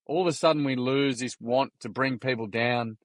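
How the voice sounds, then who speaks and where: An Australian man, a podcast guest, chatting casually as an animated storyteller with plenty of slang, swearing and restarts. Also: medium pitch, moderate pace, no echo. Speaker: podcast guest, youth workshop founder. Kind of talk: casual interview chat.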